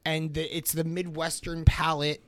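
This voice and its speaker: Young guy hosting a podcast, bright voice, blunt and loose, lots of likes and ums. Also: a little high, completely flat delivery, normal speed, no echo. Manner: loose, blunt, filler-heavy. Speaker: podcast host, restaurant owner. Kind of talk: casual podcast chat.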